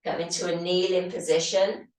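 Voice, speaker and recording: A woman leading a guided yoga class with calm, steady breathing cues, her voice slightly hoarse as she is losing it. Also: lowish voice, moderate pace, recorded from a distance. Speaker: yoga teacher. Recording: very echoey room, voice off-mic.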